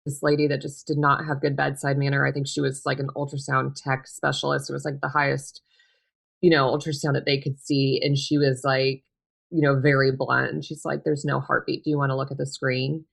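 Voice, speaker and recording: A woman in her thirties speaks as a podcast guest, recounting a personal story. Her voice sits notably low, and she talks quietly, with many pauses, fillers and restarts that give her a subdued, halting delivery. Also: little pitch movement, creaky, breathy edge. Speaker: podcast guest, bereaved mother.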